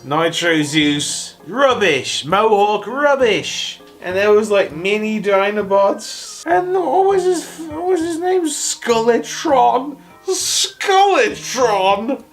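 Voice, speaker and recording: A man reviewing toys in a casual ramble, tipsy and hiccuping after shots, sarcastic and excitable, jumping from yelps to mumbles. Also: sits high, slow pace, hardly any pauses, faint music behind. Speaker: toy reviewer.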